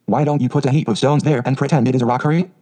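A cheeky seven-year-old boy from a storybook, taunting and full of scorn, as a man reads him. The tone is mellow and warm, pitched at a plain middle. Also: fairly even intonation, racing, lightly acted.

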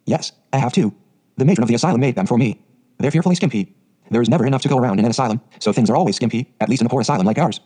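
Dreamy, gushing orphan girl of eleven, read by a man. Quick, husky audiobook delivery. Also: mid-range voice, warm tone, close to an everyday voice. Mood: despairing. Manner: dreamy, gushing, dramatic phrasing.

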